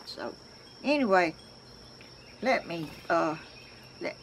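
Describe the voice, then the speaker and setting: A woman's voice: fairly low pitch, big pitch swings, takes it slowly, a little hiss or hum. An older woman with a Southern accent, chatting to camera in a rambling, homey way as a crafts vlogger, often restarting her sentences, outdoors at home. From Georgia, US. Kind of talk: casual chat to camera.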